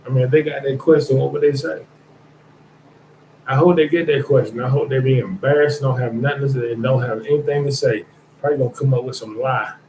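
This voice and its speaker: A man rambles through a casual podcast monologue, blunt and profane, full of restarts and asides. His voice sits at an ordinary pitch. The room around him is echoey, with faint background ambience. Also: fairly even intonation, brisk, dark tone, a little hiss or hum. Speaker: podcast host.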